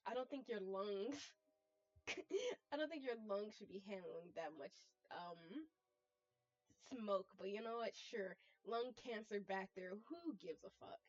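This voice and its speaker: A woman's voice: medium pitch, expressive, unhurried. A woman streaming a story game, chatting casually, swearing and laughing as she reacts, and reading the story aloud. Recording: dull lo-fi sound.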